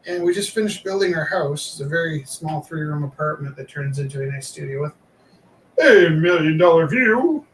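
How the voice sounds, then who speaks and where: A man's voice: a little high, little pitch movement, fairly quick, hardly any pauses. A man chatting casually while he draws, rambling with many fillers. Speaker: live-streaming artist. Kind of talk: casual chat while drawing. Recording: echoey room, mic far off, faint noise.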